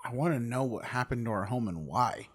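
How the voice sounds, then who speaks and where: A man's voice: mid-range voice, animated, fairly quick, husky. A man taking part as a player in a tabletop game, asking plain, matter-of-fact questions.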